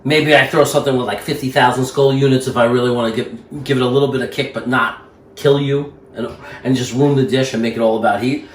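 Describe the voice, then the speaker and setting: A man's voice: medium pitch, fairly even intonation, quick pace, a little hiss or hum. A man chatting casually in a rambling, self-amused way while cooking at home. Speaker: home cook vlogger. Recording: echoey room.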